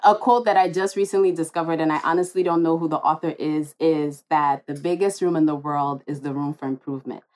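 A woman's voice: low voice, steady tone, a little mellow, slight background noise. A woman co-hosting a podcast, chatting in a playful, teasing way. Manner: playful and teasing, quick to cheer and say amen. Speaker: podcast co-host. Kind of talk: casual chat.

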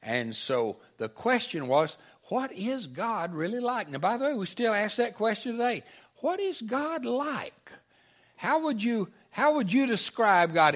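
A man's voice: sits high, fairly bright tone. A middle-aged man preaching a sermon to a congregation, talking conversationally, asking the room questions and repeating back their answers. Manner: conversational, repeats audience answers, many restarts. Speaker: pastor. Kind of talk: sermon with audience call-and-response.

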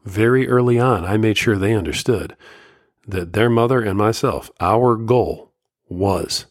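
A middle-aged man hosting a solo podcast, talking earnestly and emotionally in slow, measured phrases, firm and lecturing at times. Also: lowish voice, no echo, clean studio sound. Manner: firm and lecturing about fatherhood. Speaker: podcast host.

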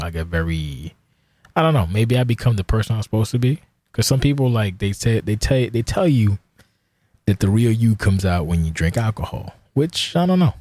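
A man's voice: low-pitched, dry recording. A man in his forties hosting a casual solo podcast, rambling and profane, self-deprecating about himself. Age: 40s. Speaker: podcast host.

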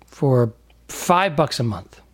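A man's voice: mid-range voice, sing-song, slow. A man co-hosting a casual comedy podcast, rambling and laughing often as he chats. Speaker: podcast co-host.

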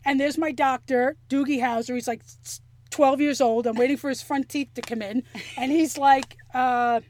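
A woman telling a story in casual chat, animated and profane, acting out the things people said. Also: sits high, normal speed, slight background noise. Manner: animated, profane, acts out quotes.

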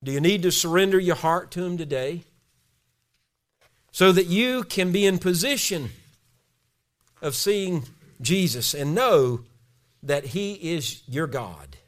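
A man's voice: sits high, lively intonation, slow, pauses often. A male pastor preaching a sermon, telling a story in a storytelling way and ending in a spoken prayer.

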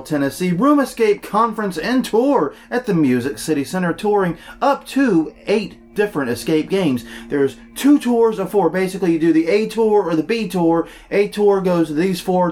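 A man's voice: sits high, moderate pace, hardly any pauses. A man co-hosting a podcast, joking and self-deprecating as he reads event listings in casual chat. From New Orleans. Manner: jokey, self-deprecating, animated. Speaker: podcast co-host.

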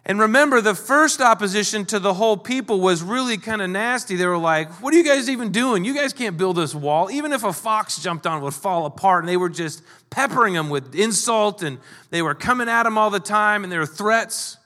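A male pastor with a high, light voice delivers an animated sermon. He talks casually and slips into the voices of the people he quotes. His words ring out through a large hall with a long reverb. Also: fairly quick, few pauses. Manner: animated, acts out quoted lines.

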